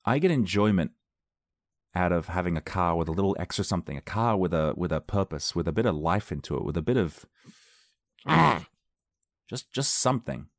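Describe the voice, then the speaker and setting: A man's voice: low-pitched, animated, a little fast, long pauses, no echo, clean studio sound. A man chatting casually to his viewers, rambling through a story, repeating words and laughing easily. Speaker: vlogger.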